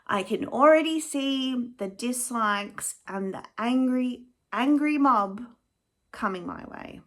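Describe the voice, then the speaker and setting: A woman's voice: fairly high pitch, animated, slow, a bit bright. A woman rambling casually to her viewers in a vlog, chatty and self-deprecating, a little nervous. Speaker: vlogger.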